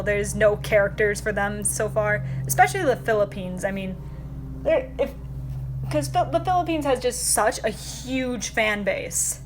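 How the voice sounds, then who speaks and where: A woman's voice: mid-range voice, lively intonation, unhurried, over music. A woman hosting a casual livestream, chatting with viewers in a rambling way with many fillers and frequent laughs. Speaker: livestream host.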